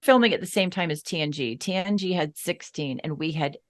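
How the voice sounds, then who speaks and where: Lower-voiced woman explaining on a podcast. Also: fairly quick. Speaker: podcast co-host. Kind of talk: casual conversation.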